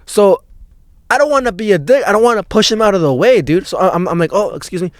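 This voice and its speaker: A young man hosting a podcast and telling a story in a rambling, profane, excitable way, full of filler words. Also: high-pitched, fast, dry recording, studio quality. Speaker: podcast host.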